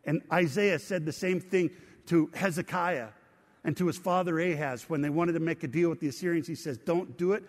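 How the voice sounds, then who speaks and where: A man's voice: on the high side, brisk, big-room sound. A man preaching a sermon as pastor, reading scripture aloud and drawing the congregation in with questions. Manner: engaging, asks the congregation questions.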